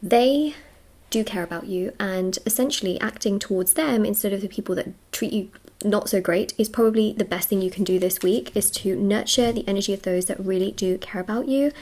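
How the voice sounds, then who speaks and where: A woman giving a casual tarot reading to her viewers, talking fast, slightly out of breath, gushing and reassuring with many fillers. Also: mid-range voice, mellow. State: short of breath. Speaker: tarot reader. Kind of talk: casual spiritual reading to camera.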